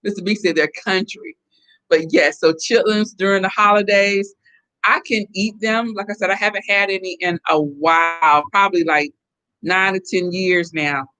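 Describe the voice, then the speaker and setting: A middle-aged woman from the Southern United States hosts a relaxed live stream. Her voice is bright and forceful as she chats away in an animated, talkative manner. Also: mid-range voice, normal speed. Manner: chatty and animated, laughing often. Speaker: host reading viewer comments. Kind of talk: casual live-stream chat.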